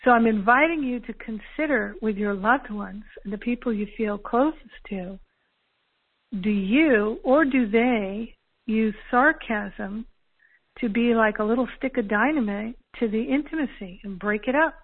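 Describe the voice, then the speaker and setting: A woman telling personal stories calmly and earnestly, acting out the dialogue as she goes. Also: a little high, a little slow, husky. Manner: calm, earnest, acts out quoted dialogue. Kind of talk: reflective personal storytelling. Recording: narrow phone-like audio.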